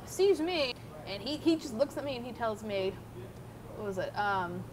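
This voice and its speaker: A young adult woman telling a story about her old job to the camera in a casual, animated way, swearing often. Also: fairly high pitch, normal speed, a crowd in the background. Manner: profane, animated, swears freely. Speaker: former theme park worker telling her story. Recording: noisy background.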